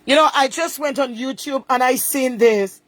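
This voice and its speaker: A woman's voice: sits high, normal speed, fairly bright tone, no echo. A woman giving casual, indignant commentary from home and repeating her points for emphasis. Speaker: online commentator.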